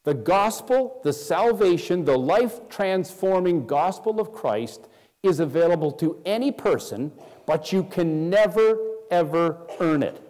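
A man preaching a sermon as pastor, emphatic, dropping soft and low to stress his points. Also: animated, unhurried, long reverb tail. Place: church.

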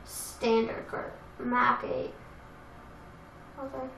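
A young woman casually commenting on a racing game she plays, chatty and self-deprecating, with excitable outbursts. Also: on the high side, very slow, vocal fry, slight background noise. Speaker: let's play gamer. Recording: echoey room with game music.

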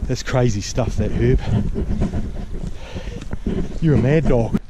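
A man's voice: mid-range voice, slow pace. A New Zealand man vlogging outdoors, rowdy, swearing a lot and calling out to his mate. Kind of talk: outdoor vlog chat. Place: outdoors in the countryside. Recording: outdoors with clear background noise.

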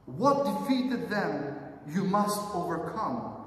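Male pastor, sermon, unhurried, addresses the brothers and sisters; recorded far off in a long-echo sanctuary. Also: high-pitched, big pitch swings, fairly bright tone. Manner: earnest, asks the congregation many questions; calls the listeners brothers and sisters. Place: church sanctuary. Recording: echoey hall, mic far off.

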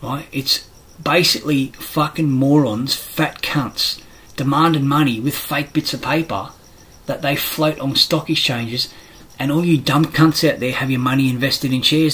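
A man's voice: mid-range voice, fairly even intonation, a little slow, a bit bright, poor audio. A middle-aged Australian man in a rambling, profane monologue, blunt and aggrieved, swearing constantly.

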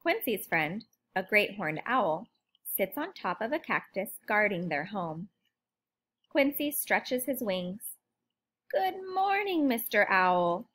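Woman reading a storybook slowly, very expressive. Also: medium pitch, breathy edge. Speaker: storybook narrator. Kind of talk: children's storybook read-aloud.

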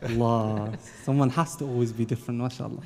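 A man moderating a panel, friendly and unhurried, putting questions to the guests. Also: mid-range voice, fairly even intonation, darkish tone. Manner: friendly and unhurried, with religious phrases. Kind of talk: hosting a panel Q&A. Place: event hall at an Islamic centre. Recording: long hall reverb.

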